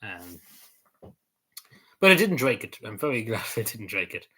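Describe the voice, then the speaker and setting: A man's voice: lowish voice, sing-song, moderate pace, a bit bright. An Irish man streaming a casual chat. He rambles loosely, with lots of ums, uhs and likes. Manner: meandering, full of ums and likes.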